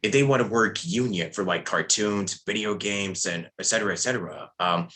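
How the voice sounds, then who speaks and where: A man's voice: on the low side, brisk, bright, forceful tone. A man hosting a podcast interview over a video call, asking long, hesitant questions full of fillers. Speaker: podcast host.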